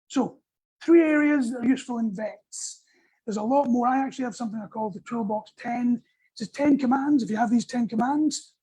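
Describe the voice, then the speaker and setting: A Scottish man leading a dog training workshop, talking casually in an animated, joking way and acting out little scenes. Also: very high-pitched, slightly rough, low-quality recording. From Scotland. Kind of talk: casual instructional talk. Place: small indoor workshop room.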